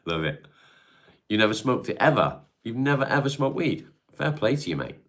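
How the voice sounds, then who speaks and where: A man's voice: mid-range voice, very animated, moderate pace, a bit bright. A man hosting a casual live stream, reading out viewer comments and answering them in a laid-back way with the odd swear word.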